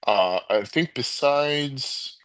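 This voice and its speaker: A man's voice: mid-range voice, extremely slow, a bit bright, smooth, no room sound. A man co-hosting a sports call-in show, talking casually and rambling with many restarts and laughs.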